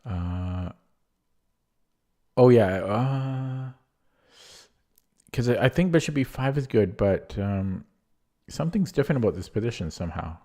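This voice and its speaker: Low-voiced man musing over chess. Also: lively intonation, unhurried, long pauses, mellow. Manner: thinks aloud, hesitant with many fillers and restarts. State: losing his voice. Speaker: chess streamer. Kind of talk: casual game commentary.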